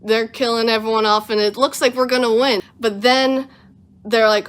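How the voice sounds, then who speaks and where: A woman in her twenties hosting a home livestream, casually recapping a film with animated storytelling and voiced asides, tired and running on little sleep. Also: a little high, normal speed. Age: 20s. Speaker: livestream host.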